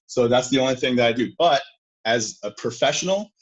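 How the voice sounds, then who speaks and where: Male guest, casual energetic talker, a bit husky, lo-fi sound. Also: medium pitch, fairly quick. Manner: animated, filler-heavy, acts out quotes. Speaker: sales guest. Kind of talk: casual interview talk. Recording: dull lo-fi sound.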